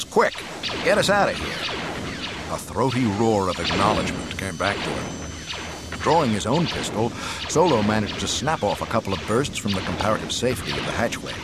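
A man narrating an audiobook in a dramatic, expressive storytelling manner. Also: sits low, heavy background noise. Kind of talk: scripted narration.

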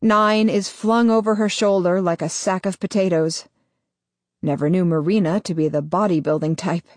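A woman narrating a novel in the first person, measured and deliberate. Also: on the low side, steady tone, no room sound. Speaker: audiobook narrator.

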